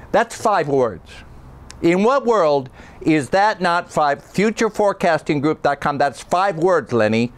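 A man's voice: a little high, pitched above the performer's own voice. A man voicing a brash, pushy male voiceover celebrity who rants indignantly. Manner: ranting, indignant, fast-talking.

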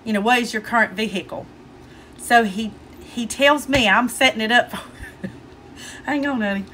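A woman's voice: a little high, moderate pace, a bit bright, slight background noise. A woman with a Southern US accent telling a funny story to her viewers in a casual chat. She keeps fighting back her laughter. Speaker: vlogger.

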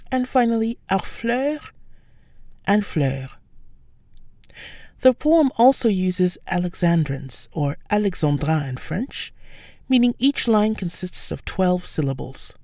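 A woman giving a scripted language lesson, explaining words slowly and carefully with French examples. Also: fairly low pitch, creaky, mellow, no echo. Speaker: French teacher.

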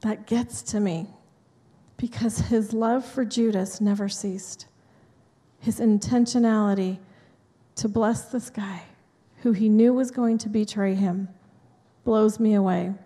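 A woman's voice: medium pitch, fairly even intonation, measured pace, warm tone. A woman pastor giving a sermon in a conversational, chatty way, with asides to the congregation. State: dry mouth from allergy medicine. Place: church sanctuary. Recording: long hall reverb in a church.

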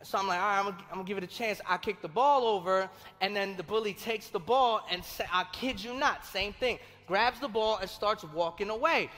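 A young adult man, a pastor preaching a sermon and telling stories from his own life in a conversational, animated way, acting out the voices he quotes. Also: sits high, brisk. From Colombia. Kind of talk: sermon with personal storytelling. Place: large church hall. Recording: long reverb of a church hall, faint music.

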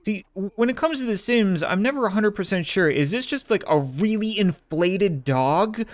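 A man's voice: sits high, lively intonation, normal speed, dry recording. A young man commentating a life-simulation game in a casual, sarcastic way, laughing often. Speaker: gaming commentator.

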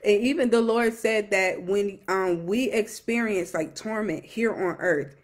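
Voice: mid-range voice, unhurried. A young adult minister giving an emotional personal testimony, earnest and repetitive, with many fillers and restarts.

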